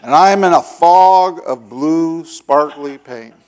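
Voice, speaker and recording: A middle-aged male pastor telling a long story in a sermon, acting out the voices and shouting the dramatic parts. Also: a little high, takes it slowly, clean tone. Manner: animated, acts out voices with loud shouts.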